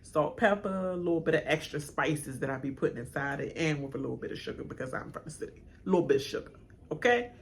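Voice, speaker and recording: A woman's voice: low-pitched, animated, quick pace, gravelly. A woman hosting a reaction video, ranting casually and animatedly straight to her viewers in slangy, laughing chatter. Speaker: reaction channel host.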